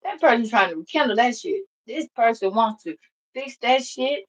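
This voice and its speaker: A woman giving a casual spiritual reading, blunt, profane and animated, laughing often. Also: on the high side, normal speed, rough recording. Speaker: tarot reader.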